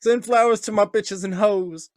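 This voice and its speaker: A podcast co-host from Nebraska trades crude, laughing, boozy banter, slipping into goofy voices whenever he quotes someone. His voice is high, with fairly even intonation and a normal pace.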